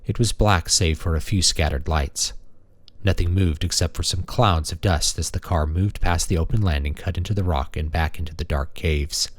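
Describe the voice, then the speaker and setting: A man reading a science fiction audiobook in a steady, measured way. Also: sits low, no echo. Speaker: audiobook narrator. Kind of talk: scripted narration.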